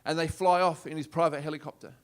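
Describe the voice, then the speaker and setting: Brash Australian man, high voice. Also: steady tone, fast, slight background noise. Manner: brash, swearing, punchy delivery. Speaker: stand-up comedian. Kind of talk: stand-up routine. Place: comedy club stage.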